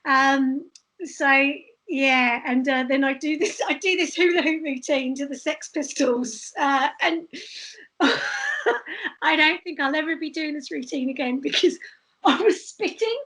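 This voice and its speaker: High-voiced animated woman telling stories. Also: a little slow. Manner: animated, laughing storyteller. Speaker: street performer guest. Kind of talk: casual podcast interview.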